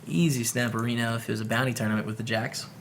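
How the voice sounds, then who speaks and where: A man's voice: medium pitch, steady tone, fast, creaky, slight background noise. A man with a Canadian English accent gives upbeat, chatty commentary on his poker hands while streaming live and greeting viewers by name.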